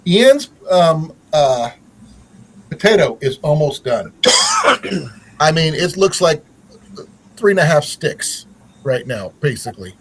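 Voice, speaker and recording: A man's voice: a little high, big pitch swings, slow, pauses often, a bit bright, a little hiss or hum, low-quality recording. A man hosting a casual livestream chat, rambling with many fillers and restarts. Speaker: channel host.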